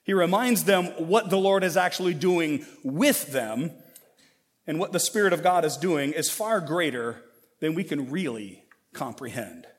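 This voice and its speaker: A high-voiced man preaches a sermon in an earnest, emphatic way, his delivery building in intensity as he stresses key points. His voice carries a long reverb, as if filling a large church sanctuary. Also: animated, unhurried. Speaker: pastor.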